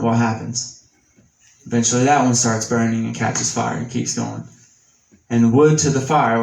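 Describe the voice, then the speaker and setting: Southern man, Sunday school teacher, folksy and plain-spoken; even delivery, reverberant church room. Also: medium pitch, vocal fry, recorded from a distance. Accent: Southern American. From Tennessee. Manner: casual, folksy explaining with homespun examples; reads scripture slowly and deliberately. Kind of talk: Bible teaching. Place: church classroom.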